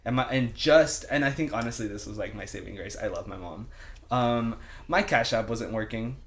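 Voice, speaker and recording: A young man co-hosting a casual podcast, telling a story with lively acted-out quotes and plenty of swearing. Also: medium pitch, normal speed. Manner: animated storyteller, acts out quotes, swears freely. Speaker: podcast co-host. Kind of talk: casual chat.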